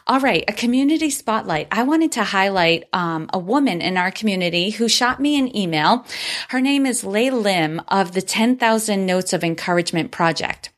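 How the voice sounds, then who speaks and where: Woman podcast host, solo episode, upbeat and grateful, medium pitch. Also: lively intonation, moderate pace. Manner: upbeat and grateful, reads listener reviews aloud.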